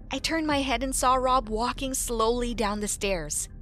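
A woman narrating a first-person story in a lively, animated way. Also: fairly high pitch, a little slow, few pauses, faint music behind.

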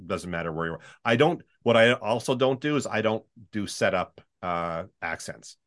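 A Canadian man with a baritone voice, a voice-over artist chatting in an interview and slipping into demo voices. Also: normal speed. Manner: chatty, animated, demonstrates reads in put-on voices. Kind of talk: casual interview chat.

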